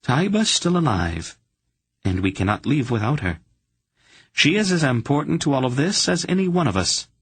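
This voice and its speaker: A man's voice: mid-range voice, very animated, moderate pace, breathy edge, no room sound, pitched above the performer's own voice. A man voicing a stern, commanding woman sorceress who speaks firmly and curtly. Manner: firm, curt.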